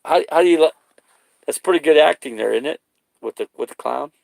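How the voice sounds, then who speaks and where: A man's voice: on the high side, brisk, creaky, a little mellow, dry recording. A man chatting casually for his vlog, rambling loosely, swearing and laughing at his own jokes. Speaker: vlogger.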